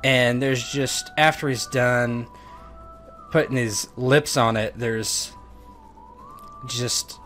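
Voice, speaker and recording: A man at a middle pitch narrates a tabletop game as game master. He describes the action casually and with plenty of detail. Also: fairly even intonation, slow pace, long pauses, music in the background.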